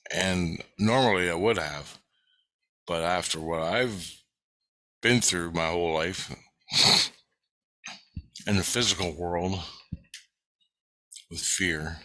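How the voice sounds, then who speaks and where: A man tells a dream story in a casual, profane way, with plenty of fillers and asides. His voice is low and unhurried. Its tone is bright and forceful. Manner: profane, vivid, full of fillers.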